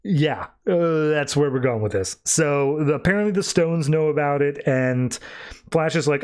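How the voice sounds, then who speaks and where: Lively, higher-voiced man recapping casually. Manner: animated, acts out characters in quick quoted voices. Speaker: podcast co-host recapping comics.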